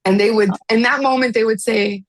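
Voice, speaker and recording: Gentle woman hosting a video-call meetup. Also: a little high, steady tone, a little fast, no echo. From Miami. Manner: gentle, reflective, with frequent laughs and restarts. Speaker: host of an online study meetup. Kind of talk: casual spiritual group chat.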